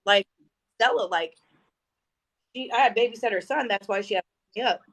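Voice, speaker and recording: On a rough recording, a woman in her thirties speaks at medium pitch and a moderate pace. She's a podcast guest sharing spiritual stories in relaxed conversation, animatedly acting out the quoted dialogue.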